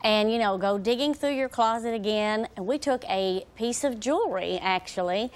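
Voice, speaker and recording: A woman's voice: mid-range voice, normal speed, clear, resonant tone. A woman hairstylist guest on a daytime TV show, explaining casually with lots of "you know" and "kinda", heard from worn old videotape. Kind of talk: TV guest demonstration.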